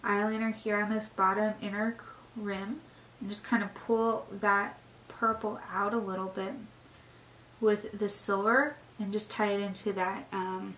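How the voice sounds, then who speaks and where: A woman's voice: mid-range voice, pushed and bright. Chatty woman vlogger in an echoey room. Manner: chatty and gushing, narrating while she applies makeup. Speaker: beauty vlogger. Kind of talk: get-ready-with-me makeup tutorial chat. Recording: echoey room with faint noise.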